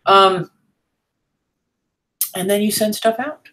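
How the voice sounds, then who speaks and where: A woman's voice: medium pitch, slow, a bit bright, poor audio. A woman teaching a writing class in a frank, chatty way, with fillers and asides. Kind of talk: casual teaching talk.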